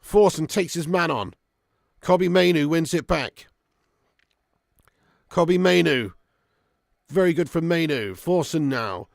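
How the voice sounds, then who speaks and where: High-pitched, gravelly football fan. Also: male voice, measured pace, long pauses, dry recording, clean studio sound. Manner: swears a lot, swings between excited shouting and flat grumbling. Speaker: football watch-along host. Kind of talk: live match commentary and fan chat.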